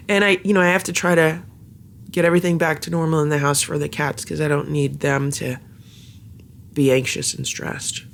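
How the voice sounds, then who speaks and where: Home cat vlogger with a fry-heavy voice, chatty and halting, cooing gently at the cats. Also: mid-range voice, slight background noise. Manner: chatty, halting with many fillers; soft baby talk to cats. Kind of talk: casual vlog chat.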